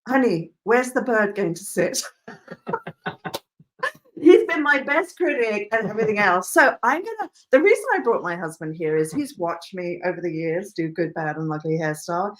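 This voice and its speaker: A woman teaching a live online hairdressing class, lively and emphatic, laughing often. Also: mid-range voice. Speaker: hairdressing educator.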